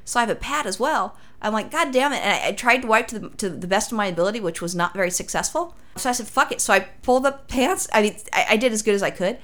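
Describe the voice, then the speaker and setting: A woman's voice: medium pitch, animated, quick pace, hardly any pauses, a bit bright. A woman from Los Angeles telling a crude story in casual chat, swearing freely as a podcast host.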